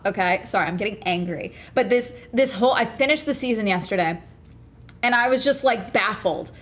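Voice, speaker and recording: A woman streaming live, gossiping to her viewers in a casual, heated rant. Her voice sits a little high, and she swears freely as she gets worked up. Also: big pitch swings, normal speed, fairly bright tone. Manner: ranting, profane, fired up. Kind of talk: casual livestream chat.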